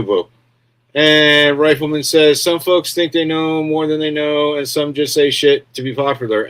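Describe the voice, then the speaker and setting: A man's voice: medium pitch, a bit bright. A man hosting a casual livestream, talking bluntly and rambling, often checking with his viewers for agreement and reading out their comments. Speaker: livestream host.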